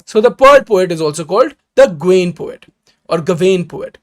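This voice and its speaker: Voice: mid-range voice, lively intonation. Literature tutor, live online class, explains step by step and keeps asking "right?". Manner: reads verse lines slowly and deliberately; greets viewers by name mid-lecture. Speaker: exam-prep literature teacher.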